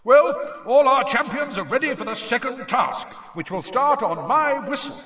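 A man voicing a jovial middle-aged male wizard official with a booming, hearty announcer's voice in an audiobook. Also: wildly swooping pitch, measured pace, pushed and bright, husky, dry recording, highs cut off, heavily acted. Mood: announcing.

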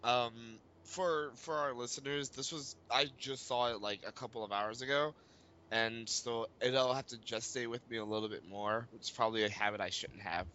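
A man co-hosting a podcast, talking casually about a film, animated and swearing freely while searching for words. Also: medium pitch, moderate pace, lo-fi sound. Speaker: podcast co-host.

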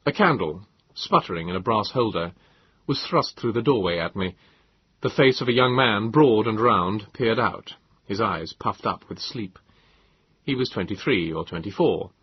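Male audiobook narrator, husky, lowish voice, dry muffled lo-fi recording. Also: no echo. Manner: measured, lively storytelling delivery. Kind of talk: first-person storytelling. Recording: dull lo-fi, dry.

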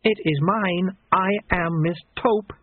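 A man voicing a calm, earnest young man in an audiobook. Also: sits high, takes it slowly, no room sound, narrow, tinny audio.

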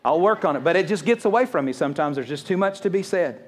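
Fast-talking, high-voiced male pastor preaching. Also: animated. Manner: fast, conversational preaching with quick jokes and acted-out quotes. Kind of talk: sermon.

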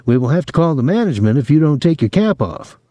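A man's voice: fairly high pitch, very animated, fast talker, dark tone, dry recording, studio quality, voice pushed up. A man voicing a bold teenage boy, confident and mock-pompous. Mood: taunting.

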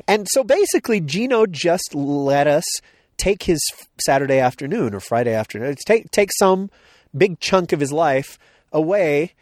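A podcast co-host talking casually outdoors, rambling with frequent restarts. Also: male voice, on the high side, big pitch swings, moderate pace, a little mellow, no echo, studio quality. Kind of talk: casual chat. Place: outdoors on a hill.

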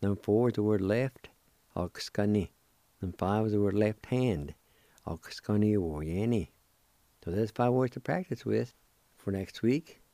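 Man, Cherokee accent, radio language teacher; low mellow voice, very slow and deliberate, dry close sound. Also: no room sound. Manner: slow, deliberate, drawn-out syllables. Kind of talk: spelling and pronouncing words.

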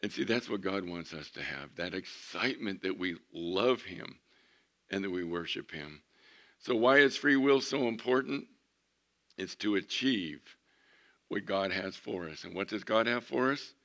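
A pastor delivering a sermon in a lowish male voice. He preaches with animation, rising to loud emphatic lines and dropping to near hushed asides. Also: animated, a little slow.

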